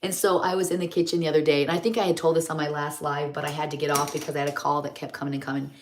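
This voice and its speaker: A woman's voice: deep voice, level tone, very fast, noisy background. A middle-aged woman chats in a rambling, homey way while doing her makeup on a live stream. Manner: rambling, homey, chatty storytelling.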